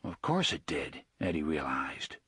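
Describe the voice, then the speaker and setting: A man narrating an audiobook in an expressive reading style. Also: very deep voice, unhurried, slightly rough, no room sound. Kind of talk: scripted narration.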